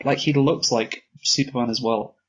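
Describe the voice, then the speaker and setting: A man with a husky, mid-pitched voice chats easily about a film on a podcast. He talks loosely, filling his sentences with "like" and readily agreeing with his co-host. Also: fairly even intonation, moderate pace, a bit bright, rough recording. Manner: chatty, lots of "like", agreeable. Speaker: movie review podcast co-host. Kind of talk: casual conversational review.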